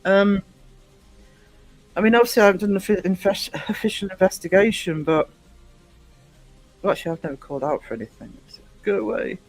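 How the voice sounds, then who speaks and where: High-voiced man hosting a casual livestream. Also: fairly quick, pauses often, no echo, soft background music, poor audio. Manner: rambling, with many fillers and restarts. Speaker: livestream host. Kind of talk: casual live chat with viewers.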